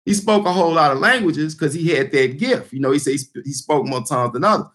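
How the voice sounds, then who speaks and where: A man's voice: fairly high pitch, lively intonation, fast, fairly bright tone. A man giving an informal scripture teaching, talking loosely and bluntly with lots of fillers and repeated words. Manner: blunt and emphatic. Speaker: street preacher.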